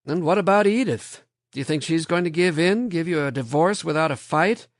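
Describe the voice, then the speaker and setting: A man's voice: mid-range voice, lively intonation, moderate pace, no room sound, clean studio sound, natural voice. A man voicing an anguished department head. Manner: pleading, rising urgency. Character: anguished middle-aged male department head.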